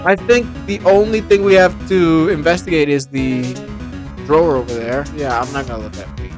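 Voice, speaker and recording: A man's voice: a little high, a little fast. A man giving casual let's-play commentary, hesitant and full of ums. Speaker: gamer. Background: video game music.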